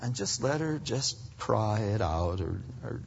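A man preaching a conversational sermon to husbands, animated and acting out little bits of dialogue. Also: fairly low pitch, measured pace, creaky, slight background noise. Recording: muffled, reverberant hall.

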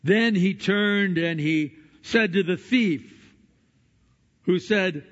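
An earnest male pastor delivers a sermon in a high voice, moving between quiet and emphatic passages. The recording is dull and lo-fi. His words ring through a large church hall. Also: slow pace. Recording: dull sound in a reverberant hall.

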